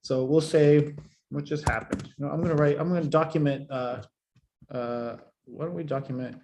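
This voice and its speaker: A man teaching a live online class, fairly high in pitch for a man. He talks bluntly and swears a lot, raising his voice and then dropping it low to make a point. His voice rings in an echoey room. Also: fairly even intonation, moderate pace, a little hiss or hum. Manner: blunt, profane, emphatic, swings loud and soft. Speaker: marketing coach.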